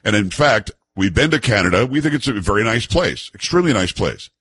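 A man hosting a talk show in casual, joking banter, animated and teasing. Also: fairly low pitch, a little fast.

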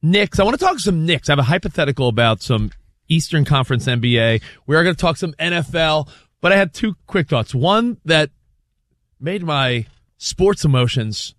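A man co-hosting a sports talk radio show, telling stories in a rambling, animated way. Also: a little high, normal speed, no echo, clean studio sound. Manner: rambling, animated storytelling with restarts.

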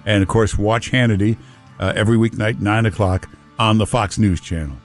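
A man with a fairly low, steady voice hosts a call-in talk radio show at a brisk pace, with loud music behind him. Speaking into a studio microphone, he's chatty and teasing and repeats himself for emphasis.

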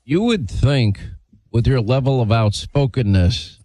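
An opinionated man hosts a talk radio program, pressing his points with firm emphasis. His voice sits at an ordinary pitch and is recorded close and dry, with no room sound. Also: animated, a little slow, warm tone, no echo, low-quality recording. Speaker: radio talk show host.

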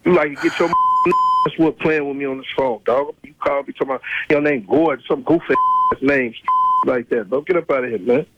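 A man's voice: mid-range voice, brisk, sharp tone, highs cut off, a little hiss or hum. A man, angrily answering a prank call, swearing and repeating himself. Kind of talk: angry phone call.

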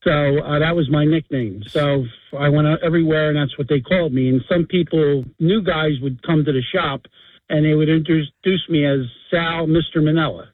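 A man's voice: fairly high pitch, steady tone, moderate pace, dry recording. A man calling in to a radio show, hesitant with dry humor. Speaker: caller. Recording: tinny phone line.

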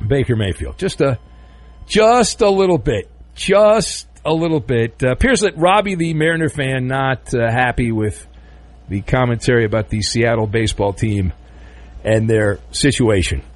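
A man with a medium-pitched voice hosts a sports talk radio show, with no echo on the sound. He chats loosely, jokes and rambles with fillers between listener notes and calls.

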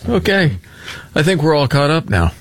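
Brief: male radio host, animated pitch, close dry mic. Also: moderate pace, no echo. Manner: lively, jokey, leads segments. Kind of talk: casual radio banter.

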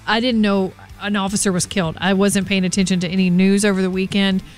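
A woman's voice: mid-range voice, level tone, soft background music. A woman co-hosting a morning radio show, passing on a traffic update in loose, chatty banter. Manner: chatty, loose, quick to laugh.

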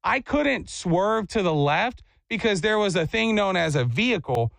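A man hosting a talk show, telling a story in a casual, animated way and acting out the people in it with jokes. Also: high-pitched, normal speed, gravelly, no room sound. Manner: animated, acts out quotes, jokey.

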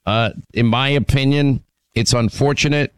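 Firm opinionated radio host man, smooth. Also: medium pitch, steady tone, moderate pace, dry recording. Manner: firm, opinionated, frequent restarts. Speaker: radio talk show host. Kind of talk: political talk radio. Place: radio studio.

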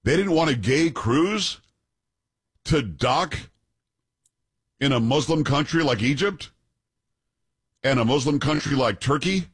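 A man's voice: a little high, animated, slow, long pauses, husky. A male talk radio host, commenting sarcastically on news stories with incredulous outbursts.

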